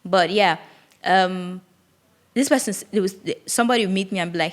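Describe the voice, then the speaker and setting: A woman's voice: on the low side, fairly quick. Candid young woman. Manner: candid, confessional, thinks aloud with restarts. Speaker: podcast host. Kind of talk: reflective solo podcast monologue.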